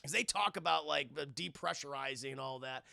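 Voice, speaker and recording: A man's voice: on the high side, a little fast, creaky, sharp tone. A man streaming a rambling, profane film recap, laughing and acting out scenes as he talks to chat. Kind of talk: casual livestream chat.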